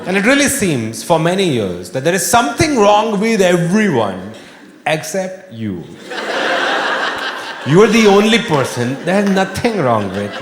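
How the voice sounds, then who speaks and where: Man, stand-up comedian, wry animated delivery, lively swinging pitch, echoey hall with long reverb. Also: a little slow, noisy background. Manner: animated, wry, bursts into shouting. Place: live comedy venue with audience laughter. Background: audience laughter and room ambience.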